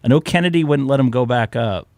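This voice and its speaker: A man running a ham radio live stream keeps the chat casual, telling rambling stories and cracking jokes even as his voice starts to go. He speaks quickly at a medium pitch with a darkish tone, and the sound has no echo.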